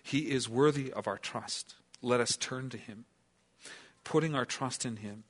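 Male pastor, mid-pitched voice, earnest sermon delivery, rhetorical questions, occasional hushed passages. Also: a little slow. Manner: earnest, asks the listeners questions, then drops to a hush.

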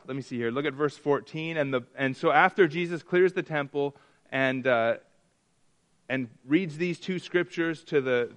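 A man teaching a Bible study, often stumbling and restarting, sometimes acting out quoted voices with rising excitement. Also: a little high. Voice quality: halting, repeats words and restarts often. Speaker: pastor.

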